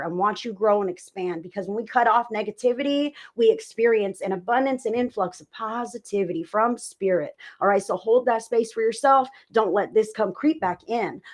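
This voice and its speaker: A woman hosting a live tarot reading stream, chatting casually with her viewers, sometimes swearing and sometimes turning away from her microphone. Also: mid-range voice. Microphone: desk mic, turns away from it at times.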